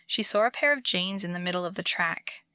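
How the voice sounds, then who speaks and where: A woman narrating true scary stories for bedtime in a calm, comforting scripted delivery. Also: on the low side, brisk, clear, resonant tone, no room sound, clean studio sound. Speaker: horror story narrator.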